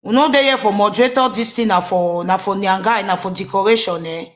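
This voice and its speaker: A woman's voice: medium pitch, a little fast, reverberant. A woman with a Nigerian accent hosting a live stream, flustered and pleading as she switches between English and pidgin.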